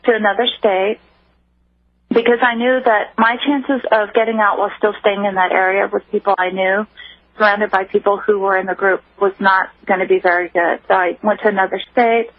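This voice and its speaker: A woman guest on a radio call-in show, recounting her own story in an earnest, halting way with many restarts. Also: medium pitch, steady tone, no echo. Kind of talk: personal account on a call-in show. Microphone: telephone. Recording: muffled phone line.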